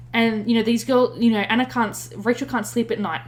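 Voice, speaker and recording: A woman's voice: on the high side, fairly even intonation, brisk. A woman co-hosting a podcast, retelling a story in casual chat with many fillers and self-corrections. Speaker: podcast co-host.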